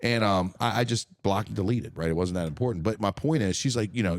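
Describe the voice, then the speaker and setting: A man's voice: fairly low pitch, fast, few pauses. A man hosting a casual podcast, talking in an emphatic, profane, ranting way. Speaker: podcast host.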